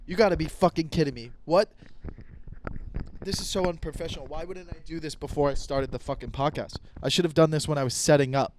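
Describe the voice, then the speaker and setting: A man's voice: on the high side, a little fast, a little mellow, slight background noise. A young man hosting a comedy podcast alone, ranting in a heated, profane, rambling way. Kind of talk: solo comedy podcast rant.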